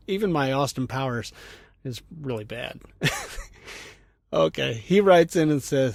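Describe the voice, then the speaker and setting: A male truck driver hosts his own podcast and talks through listener letters in a loose, chatty way. He chuckles often and fills his sentences with "you know." His voice sits at an ordinary middle pitch, and the sound is close and dry, with no room around it. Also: animated, takes it slowly, creaky, pauses often, dry recording. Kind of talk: casual podcast chat answering listener mail.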